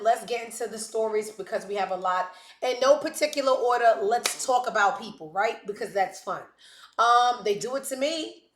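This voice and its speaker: A woman's voice: fairly high pitch, a bit bright. A woman hosting a gossip talk show, brash and sassy, full of joking asides. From West Indies. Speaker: host. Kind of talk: casual gossip commentary. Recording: echoey room.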